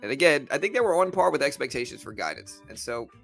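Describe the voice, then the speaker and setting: A man's voice: medium pitch, very animated, fast, creaky, a bit bright, soft background music. A young man from Louisiana hosting a live trading stream, chatting loosely and answering viewer comments. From Louisiana, USA. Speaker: livestream trading host. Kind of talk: casual live-stream chat.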